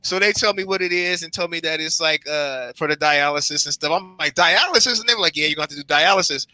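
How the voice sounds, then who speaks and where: A young man telling his own hospital story on a panel, lively and acting out his reactions in quoted lines. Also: a little high, quick pace, no room sound, rough recording. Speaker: transplant patient on a panel. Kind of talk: animated personal storytelling.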